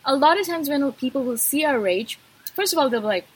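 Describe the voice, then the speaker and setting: A woman's voice: sits high, lively intonation, fairly quick, poor audio. A woman vlogger talking straight to her viewers in an intense, passionate way. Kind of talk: direct-to-camera talk.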